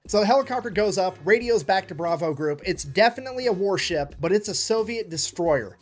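A man telling a military history story as comedy, profane and animated, acting out quotes. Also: high voice, fast talker, few pauses.

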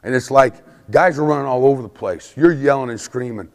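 A man giving an emphatic football coaching clinic lecture at a mid pitch, forever tossing in quick checks with his listeners. He acts out the play calls he shouts in practice. The long reverb of a big hall hangs on his voice.

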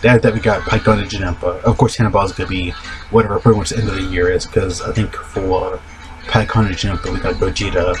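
A man who has just woken up, talking in a low, groggy morning voice and rambling casually about a mobile game, repeating the same filler words over and over. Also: fairly even intonation, fast talker. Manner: rambling, repeats "of course" and "though" constantly. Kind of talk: casual rambling video talk. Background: background music.

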